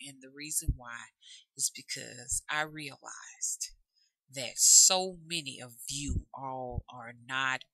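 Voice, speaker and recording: Her pitch is extremely low, with vocal fry and a slightly mellow quality, and the recording is dry and rough. She's a woman from Alabama hosting her own channel, rambling chattily to the camera in a Southern drawl and addressing viewers as "y'all" and "love."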